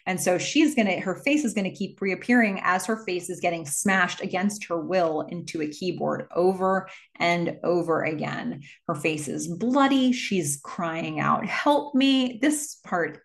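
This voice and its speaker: A woman hosting a casual movie recap and telling the plot in a chatty way, with many fillers. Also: on the low side. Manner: chatty, filler-heavy storytelling.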